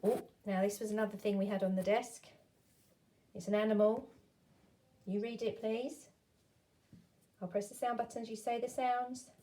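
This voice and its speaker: A woman teaching a phonics lesson to young children, sounding out words slowly and clearly and encouraging them to join in. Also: mid-range voice, flat delivery, mellow.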